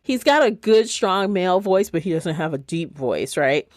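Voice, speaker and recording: A woman co-hosting a casual book podcast, animated and often laughing, swearing casually as she talks. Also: fairly low pitch, normal speed, no room sound, studio quality. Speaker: podcast co-host.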